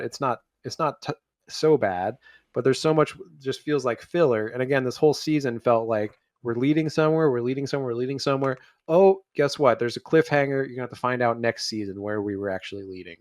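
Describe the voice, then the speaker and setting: A man's voice: mid-range voice, fast talker, no room sound, studio quality. A man co-hosting a podcast in casual chat, blunt and jokey in his opinions. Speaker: podcast co-host.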